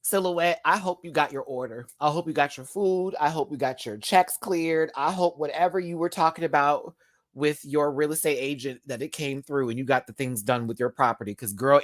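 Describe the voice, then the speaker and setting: A man giving a live episode review in a sassy, chatty way, full of drag slang and quick laughs. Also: fairly high pitch, dry recording. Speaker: YouTube reviewer.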